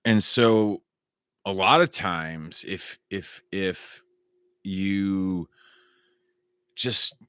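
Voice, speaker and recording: Slow, rambling man with a low voice. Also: fairly bright tone, smooth, no echo, clean studio sound. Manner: meandering, repeats phrases, swears casually. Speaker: vlogger. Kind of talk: rambling solo monologue.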